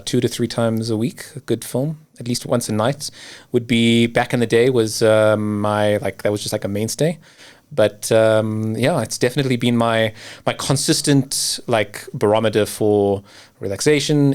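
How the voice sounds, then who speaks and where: Reflective man with halting speech. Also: fairly low pitch, a little mellow. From South Africa. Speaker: podcast guest, filmmaker. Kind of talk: casual interview chat.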